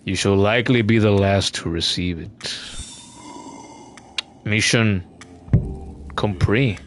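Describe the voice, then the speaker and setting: A man's voice: on the low side, a little hiss or hum, voice pushed down. A man doing a frail old bug conductor. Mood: solemn. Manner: slow, formal, mournful delivery. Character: sickly aged bug conductor, bedridden, solemn. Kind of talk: reading game dialogue aloud.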